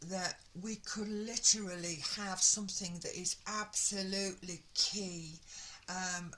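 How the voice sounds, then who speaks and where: Slow, bright-voiced woman reading tarot. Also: medium pitch, poor audio. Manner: excitable, gushing, full of exclamations. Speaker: tarot reader.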